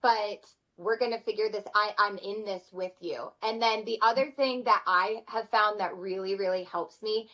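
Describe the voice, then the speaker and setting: A woman in her thirties, a mother of four, speaking as a podcast guest in an earnest, animated way. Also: mid-range voice, normal speed, hardly any pauses, low-quality recording. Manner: earnest, animated, acts out her kids' voices. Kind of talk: conversational interview.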